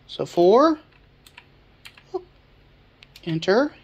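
A woman's voice: mid-range voice, sing-song, drawn-out words, breathy edge, muffled recording. A woman narrating a casual computer repair vlog, chatty and thinking aloud with frequent restarts.

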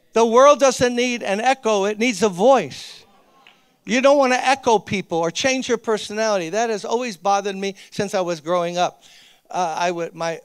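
Male pastor, conversational sermon, high voice, dry close sound. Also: clear, resonant tone, no room sound. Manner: earnest and conversational, with emphatic repeated appeals. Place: church, speaking to a gathering of ministers.

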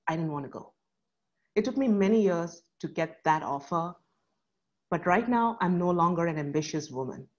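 Woman in her 30s, earnest live storyteller with dramatic pauses, slightly muffled recording. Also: on the low side. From South India.

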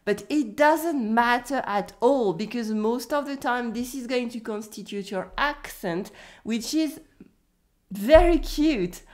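Parisian-accented French woman teaching. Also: a little high. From France. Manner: friendly, explains with spoken examples. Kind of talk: language lesson to camera.

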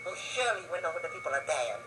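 A gamer reading a video game cutscene aloud, voicing an excitable, scheming male court advisor in a squeaky voice that rises to gleeful shrieks. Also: racing, noisy background, lightly acted. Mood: gloating. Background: game music.

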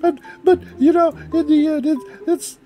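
A woman's voice: sits high, fairly even intonation, moderate pace, dark tone, soft background music. A woman hosting a reaction video, rambling casually with frequent laughter and restarts. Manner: giggly, rambling, stumbles over words.

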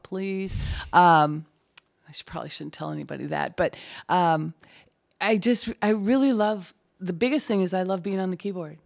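Low gravelly-voiced Minnesotan woman. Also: normal speed. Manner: chatty, thinks aloud with fillers and restarts. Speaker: closed captioner, guest. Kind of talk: casual interview talk.

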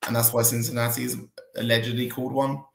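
A man co-hosting a casual football fan show, opinionated and halting as he makes his points. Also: medium pitch, flat delivery, vocal fry. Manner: opinionated, halting, stacks up fillers. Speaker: co-host. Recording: echoey room.

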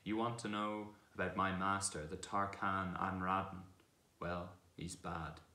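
Man doing a proud male war horse, scornful, commanding, very deep voice, echoey room. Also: flat delivery, sharp tone, full character voice. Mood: brisk. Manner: brisk, commanding, contemptuous at times.

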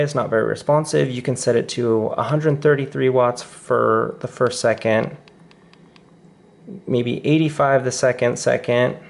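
A man casually walking viewers through a device's menu settings in a relaxed, conversational way, correcting himself as he goes. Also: mid-range voice, creaky. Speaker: product reviewer. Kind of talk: casual how-to demonstration.

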